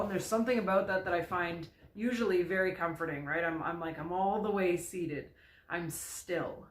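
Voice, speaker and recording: A vlogger telling a personal story candidly, in a halting way with frequent restarts. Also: mid-range voice, a bit bright. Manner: halting, with many restarts and "you know". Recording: echoey room.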